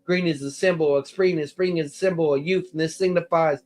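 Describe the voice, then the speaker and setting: A man's voice: fairly high pitch, steady tone, a little fast, darkish tone. A man lecturing on scripture, working methodically through passages and citing chapter and verse as he explains them. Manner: methodical, cites verse numbers, quotes passages aloud. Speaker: Bible teacher.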